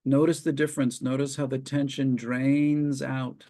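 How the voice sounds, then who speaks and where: Speaking with a medium pitch, a psychologist leading a webinar guides people through progressive muscle relaxation via video call. His calm delivery moves slowly from step to step, with extended pauses in between.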